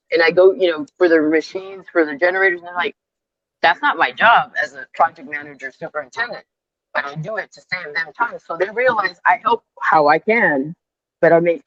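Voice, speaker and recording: A woman in her fifties, a construction superintendent, telling animated stories in casual chat and dropping in Spanish phrases, on earbuds over a remote call. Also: lowish voice, no room sound, lo-fi sound.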